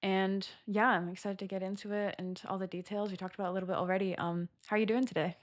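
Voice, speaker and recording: A woman's voice: medium pitch, flat delivery, fast. A woman hosting a podcast interview, friendly and a little rambling as she asks questions. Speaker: podcast host.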